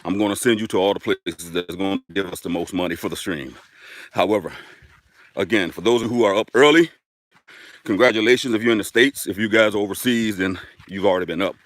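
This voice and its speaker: A man's voice: deep voice, fairly quick, fairly bright tone. A man hosting a casual live stream outdoors, chatting upbeat and directly to his viewers while walking a dirt road.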